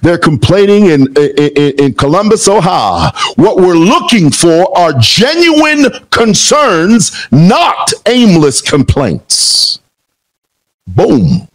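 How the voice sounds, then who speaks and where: Man from Zambia, heated commentary, combative, rhetorical, animated pitch, slightly high voice. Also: takes it slowly, rough recording. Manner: combative, rhetorical, repeats phrases. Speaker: political commentator.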